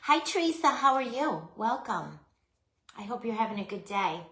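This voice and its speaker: A woman's voice: fairly high pitch, sing-song, normal speed, fairly bright tone, roomy sound. A middle-aged woman hosting a casual craft livestream, chatting to viewers by name and laughing at herself.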